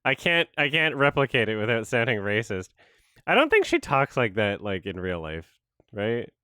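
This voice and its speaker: A man riffing through a casual watch-along with a lively, swooping delivery and a sarcastic, mocking edge. His voice is bright and smooth, and it sits close and dry. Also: medium pitch, moderate pace, no room sound. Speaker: host.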